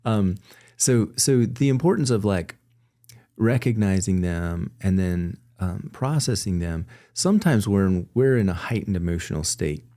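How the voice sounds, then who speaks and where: A man's voice: sits low, expressive, unhurried, mellow. A man being interviewed, talking candidly and reflectively, often restarting his sentences with little laughs. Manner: earnest, reflective, with frequent self-corrections and little laughs. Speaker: guest.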